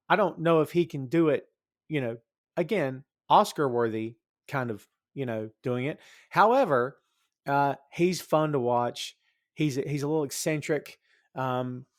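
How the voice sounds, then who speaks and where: A man's voice: on the high side, no room sound, studio quality. A man with a Southern US accent hosting a podcast, chatting casually with many fillers and frequent laughs. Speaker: podcast host.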